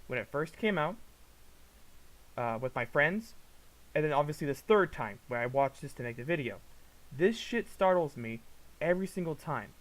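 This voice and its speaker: A man giving casual reaction commentary, ranting in an exasperated, profane way that swings between low mutters and loud outbursts. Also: expressive, normal speed, pauses often, poor audio. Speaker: commentary vlogger.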